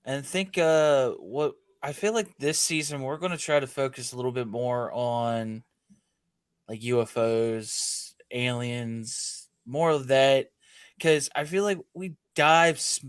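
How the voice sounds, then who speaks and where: An easygoing man in a casual podcast chat, pausing with many fillers. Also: medium pitch, clear, resonant tone, no room sound, studio quality. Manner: easygoing, halting with many uhs and likes. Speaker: podcast co-host.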